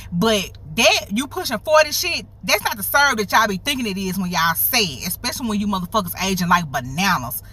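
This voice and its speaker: Woman in her thirties, storytime, fast, lively pitch, bright voice, sassy and profane. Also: husky. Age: 30s. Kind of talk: storytime vlog.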